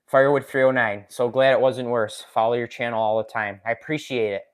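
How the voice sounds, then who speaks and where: A man hosts a casual live stream, talking straight to his viewers. He reads their comments out loud and laughs often. He speaks into a desk microphone with his injured hand in a splint. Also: medium pitch, fairly even intonation, a little fast, smooth. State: recovering from a finger injury, in a splint. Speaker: woodworking channel host.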